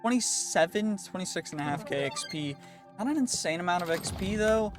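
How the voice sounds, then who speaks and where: A man narrates his gameplay in a loose, chatty stream, excitable and prone to restarting sentences as he thinks aloud. His voice sits fairly high for a man. Clear background music plays under him the whole time. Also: brisk. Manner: chatty, excitable, talks through his moves with frequent restarts. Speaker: gaming channel host. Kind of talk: casual gameplay commentary.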